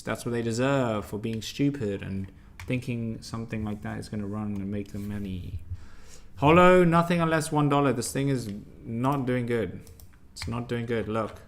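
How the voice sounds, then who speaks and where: A man's voice: mid-range voice, fairly bright tone. A young man hosting a live stock trading stream, blunt and emphatic, quizzing and scolding his viewers as he reads the chat. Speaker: stock trading livestream host.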